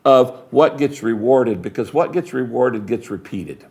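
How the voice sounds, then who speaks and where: Older man, pastor being interviewed, emphatic, preacherly, animated storytelling, middle-pitched voice. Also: a little slow, slightly rough. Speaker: retiring megachurch pastor, interview guest.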